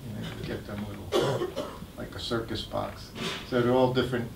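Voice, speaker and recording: Older guy telling stories in a temple hall, lively and laughing, sounds far off and echoey. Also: lowish voice, moderate pace, creaky, heavy background noise. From United States. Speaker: guest speaker sharing memories. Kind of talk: anecdotal storytelling talk. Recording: echoey hall, mic at a distance.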